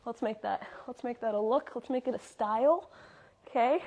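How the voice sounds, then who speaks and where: A somewhat high-voiced young woman coaching a live workout, counting off reps and calling out body cues. She stays upbeat and sounds a little out of breath as she moves. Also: normal speed, a little mellow. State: slightly out of breath. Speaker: fitness instructor. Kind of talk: live workout class instruction.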